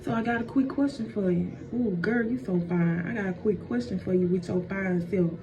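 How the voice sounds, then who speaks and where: A woman's voice: mid-range voice, a little fast, natural voice. A woman voicing a sly, flirtatious male snake who uses slangy pickup lines in a comedic Bible story retelling, recorded dull and distant with faint noise. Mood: flirting.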